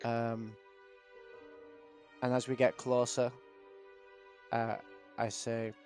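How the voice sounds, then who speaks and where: A man's voice: medium pitch, level tone, extremely slow, darkish tone, soft background music. A man playing a tabletop game, speaking casually and hesitantly, often laughing. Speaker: player.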